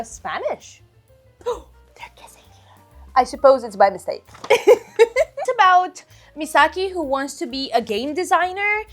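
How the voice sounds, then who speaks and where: A bubbly woman with a high, lively voice chats through a casual book haul vlog, giggling and gushing as she goes. Soft music plays faintly behind her. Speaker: book vlogger.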